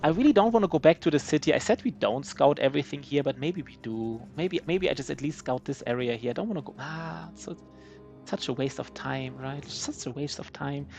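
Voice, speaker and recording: A man's voice: on the high side, expressive, fairly quick, vocal fry, darkish tone, faint music behind. Rambling German-accented male streamer. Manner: rambling, self-mocking, many restarts. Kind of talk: live gameplay commentary.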